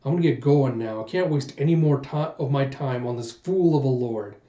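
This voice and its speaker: A man voicing a bored, callous male townsman with a quick, dismissive delivery, in a muffled echoey room recording. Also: medium pitch, mellow, natural voice.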